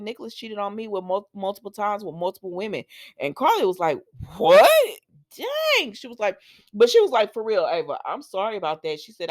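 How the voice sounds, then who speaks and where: A woman giving a chatty, sassy spoken recap, talking straight to viewers and acting out the characters' lines in quick bursts. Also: mid-range voice. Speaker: soap opera recap host.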